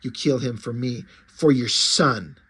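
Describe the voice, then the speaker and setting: A man's voice: a little slow, slightly rough. A man reading a heartbroken wife. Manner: low, quiet reading voice. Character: heartbroken wife and mother, bitter and pleading.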